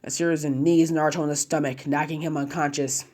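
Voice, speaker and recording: Casual fan-story narrator, rambling "as" clauses. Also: male voice, a little high, flat delivery, quick pace, a little mellow. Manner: chains clauses with "as", casual slang and fillers.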